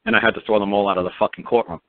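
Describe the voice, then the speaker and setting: A man with a lowish voice speaks very fast and with fairly even intonation as a call-in guest, telling a story in a blunt, commanding, heavily profane manner. The casual radio chat comes through a dry, tinny phone line with no room sound.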